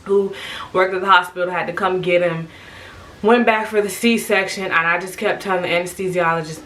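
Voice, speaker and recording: Bright, forceful woman telling a story. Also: fairly low pitch, moderate pace, a little hiss or hum. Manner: animated storytelling, acting out what people said. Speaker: vlogger sharing her birth story. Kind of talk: casual storytime monologue.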